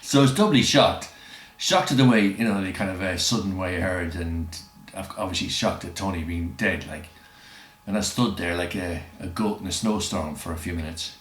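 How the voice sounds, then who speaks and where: With a deep, fairly bright voice at a moderate pace, this storyteller rambles through anecdotes in easy chat. He chuckles often and puts on voices for quoted lines, and the room adds noticeable echo.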